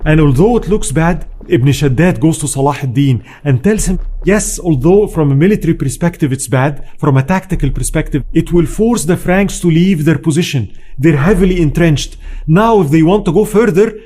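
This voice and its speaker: A man's voice: fairly high pitch, animated, moderate pace, mellow. A man lecturing on history in an earnest, storytelling manner, stressing points by repeating them. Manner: earnest, emphatic, with repetition.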